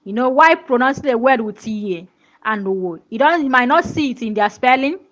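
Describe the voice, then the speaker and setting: A woman's voice: a little high, lively intonation, moderate pace, highs cut off. A woman teaching a pronunciation lesson, repeating words and checking that learners follow. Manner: repetitive, checks understanding with questions.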